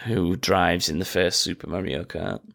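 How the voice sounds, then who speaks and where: A man's voice: low voice, flat delivery, normal speed, creaky, a bit bright. A man hosting a casual quiz with friends, reading out questions and making sarcastic, sweary asides. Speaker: quizmaster.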